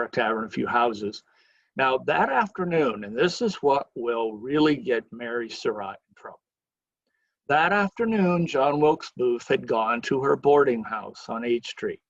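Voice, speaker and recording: Husky-voiced man telling history. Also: medium pitch, dry recording, highs cut off. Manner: lively storyteller who acts out quoted lines. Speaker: museum educator giving a history lecture. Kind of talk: storytelling history lecture.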